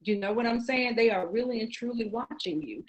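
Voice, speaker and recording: A woman's voice: a little high, fairly quick, rough recording. A woman in her forties, a guest in a casual interview, talking candidly and laughing often. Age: 40s. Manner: candid, laughs often, repeats "really and truly".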